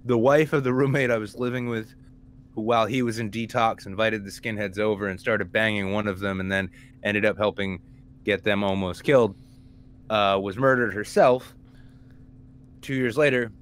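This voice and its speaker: A man co-hosting a podcast, telling rambling stories with dry, dark humor in a casual chat. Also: on the low side, steady tone, normal speed. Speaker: podcast co-host.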